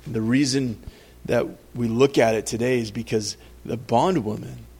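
A man's voice: fairly even intonation, normal speed, creaky, darkish tone, breathy edge. A man preaching a conversational sermon, reading scripture aloud and acting out the people in the story. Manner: conversational preaching, acts out quotes, rises in pitch when emphatic. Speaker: pastor.

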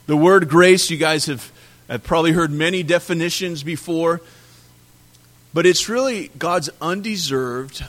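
A man preaching a sermon, animated, swinging between loud emphasis and quiet drops on key words. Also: medium pitch. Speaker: pastor.

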